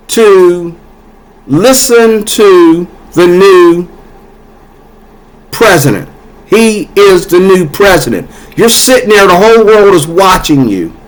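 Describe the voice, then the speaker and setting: Man, higher-pitched voice, fired-up rant straight to his audience, repeats lines for emphasis. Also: a bit bright, low-quality recording. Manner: heated, repetitive, talks to viewers directly. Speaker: commentator. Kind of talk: casual ranting commentary.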